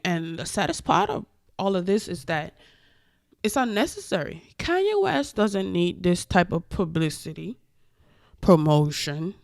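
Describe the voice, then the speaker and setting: A woman's voice: lowish voice, measured pace, vocal fry, dry recording, studio quality. Woman ranting animatedly. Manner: animated, profane, emphatic ranting. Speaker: vlogger. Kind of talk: casual opinion commentary.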